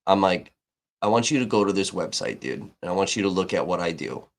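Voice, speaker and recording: A man's voice: deep voice, expressive, brisk, vocal fry. A man live-streaming, telling a rambling, heated story in casual chat, swearing freely and restarting his sentences. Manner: heated, profane, with frequent restarts.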